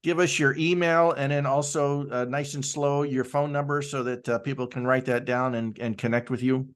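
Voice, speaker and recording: A man co-hosting a podcast, relaxed and hesitant with many fillers. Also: medium pitch, moderate pace. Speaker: podcast co-host. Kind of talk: interview hosting.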